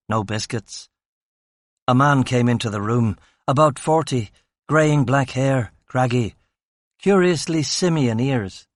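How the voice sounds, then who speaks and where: Guy reading a crime audiobook, dry deadpan narration, mid-pitched, no room sound at all. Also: no echo. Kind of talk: first-person audiobook narration.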